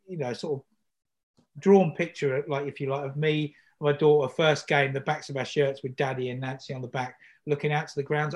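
Chatty man hosting, slightly high. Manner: chatty, upbeat, lots of fillers. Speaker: podcast host. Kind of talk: casual podcast chat.

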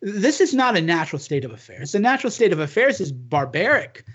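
A man with a notably high voice talks politics in an earnest, emphatic way and keeps restarting his sentences. The recording is dull and lo-fi, with muffled highs. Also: big pitch swings, a little fast, fairly bright tone, breathy edge. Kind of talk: casual political chat.

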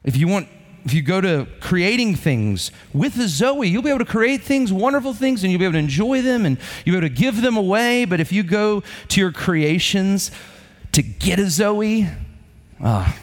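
A man delivers a sermon in a lively, animated voice, his pitch rising and falling freely. His tone is conversational, and he keeps checking in with his listeners with a quick "right?" His voice sits a little high for a man, with a faint lilt. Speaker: pastor.

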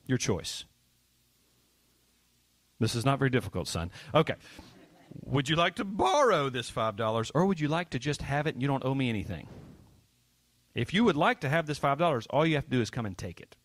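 A man giving a children's sermon as a pastor, lively and playful, often asking the kids questions. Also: mid-range voice, brisk, long pauses.

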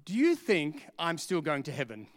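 A man quoting a worried elderly mother, fretful and pleading. The voice sits a bit lower than his usual speech. It comes in short, anxious bursts. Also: wildly swooping pitch, moderate pace.

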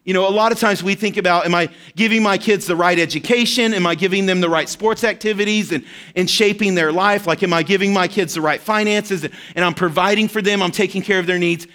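Guy preaching, high voice, chatty and personal, keeps saying right?. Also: steady tone, fast talker, a bit bright. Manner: conversational, personal storytelling with frequent "right?" asides. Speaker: pastor. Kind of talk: sermon.

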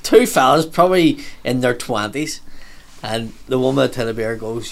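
A man's voice: mid-range voice, brisk, slight background noise. A man with a Belfast accent in casual conversation, blunt and sweary, acting out the people in his stories. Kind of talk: casual chat.

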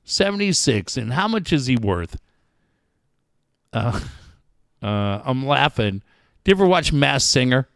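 A man's voice: medium pitch, unhurried, vocal fry, long pauses, no room sound, studio quality. A man hosting a casual chat, telling stories with lots of swearing. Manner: profane, animated storyteller.

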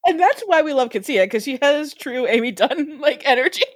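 Lively high-voiced woman with wry asides. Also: dry recording, studio quality. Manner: wry asides, quick laughs. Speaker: podcast co-host. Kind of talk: casual chat.

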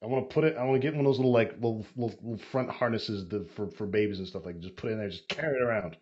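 A man's voice: fairly low pitch, rapid-fire, darkish tone. A man guest on a podcast, chatting casually and rambling with plenty of fillers. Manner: rambling, filler-heavy, wry. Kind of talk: casual chat. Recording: dull lo-fi podcast audio.

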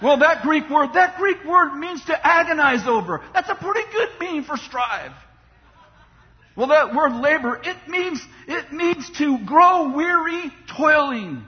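High-pitched impassioned male preacher in a hall. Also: lively intonation, a little slow. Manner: impassioned preaching, mocking voices for complainers. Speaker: pastor. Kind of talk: sermon. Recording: dull sound in a long-reverb hall.

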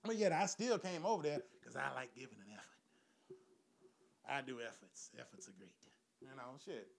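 A man's voice: mid-range voice, animated, moderate pace, gravelly, noisy background. A middle-aged man telling crude stand-up stories with lots of profanity, often laughing at his own jokes. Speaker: stand-up comedian.

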